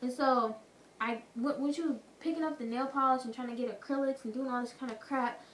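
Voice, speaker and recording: High-voiced woman telling a story. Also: brisk, slight background noise. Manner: animated, slangy storytelling, acts out quotes. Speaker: vlogger. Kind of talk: storytime vlog. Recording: roomy echo, distant from mic.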